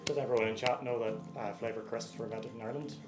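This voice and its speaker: A very deep, gruff man's voice lays out facts in a flat, dry tone, as a woman puts him on. He sounds matter-of-fact and explanatory. Faint music plays underneath. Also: quick pace.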